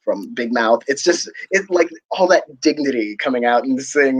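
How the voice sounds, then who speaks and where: A man's voice: mid-range voice, animated, brisk, few pauses, slightly rough, rough recording. Chatty man with frequent restarts. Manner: rambling, many restarts and chuckles. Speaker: awards pundit. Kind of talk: casual panel chat.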